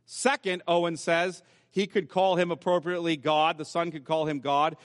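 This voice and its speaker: A male pastor preaching in a church, his fairly high voice carrying a long hall reverb. He walks the listener through scripture point by point, in a patient teaching manner. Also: level tone, normal speed, hardly any pauses. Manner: teaching, explaining scripture step by step. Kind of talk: sermon. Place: church sanctuary.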